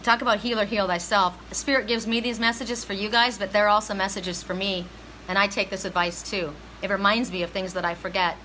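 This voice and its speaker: A woman's voice: mid-range voice, fairly even intonation, a little fast, bright, forceful tone, a little hiss or hum, low-quality recording. A middle-aged woman giving a heartfelt, emphatic spiritual reading to viewers on a live stream. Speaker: psychic reader.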